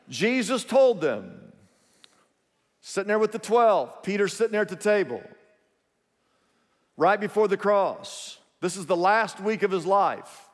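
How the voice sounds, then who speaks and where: Male pastor, high voice, emphatic sermon, calls for responses, long church reverb. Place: large church auditorium.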